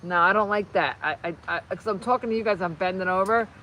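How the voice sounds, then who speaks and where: A woman hosting a casual livestream on her phone while crafting, rambling and excitable, often breaking off mid-sentence. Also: medium pitch, fast talker, slight background noise, rough recording. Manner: rambling, excitable, self-interrupting. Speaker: channel host.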